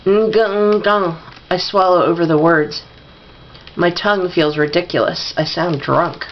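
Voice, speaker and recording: A woman's voice: low-pitched, moderate pace, lo-fi sound, a little hiss or hum. A woman reading a novel aloud, giving the dialogue mild shifts of voice. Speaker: audiobook reader.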